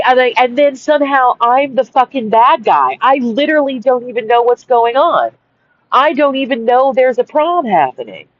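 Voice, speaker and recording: A woman in her forties venting on a dark sidewalk at night, angry, swearing constantly and repeating herself. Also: on the high side, dry recording, lo-fi sound. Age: 40s. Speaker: vlogger. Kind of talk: rambling outdoor vent. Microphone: wireless headphones.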